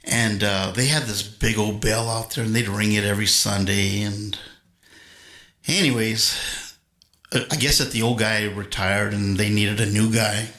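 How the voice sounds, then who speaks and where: A man's voice: on the low side, bright, forceful tone. A man chatting casually with his livestream viewers between songs, rambling and telling corny jokes. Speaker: livestream host and guitarist. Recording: roomy echo with faint guitar.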